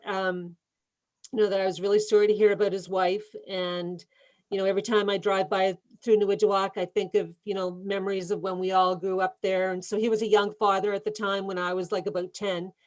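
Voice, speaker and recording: A woman's voice: medium pitch, level tone, brisk, low-quality recording. Woman, real estate agent, earnest storytelling, video call. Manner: earnest storytelling, emotional at times. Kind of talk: training session discussion. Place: home office.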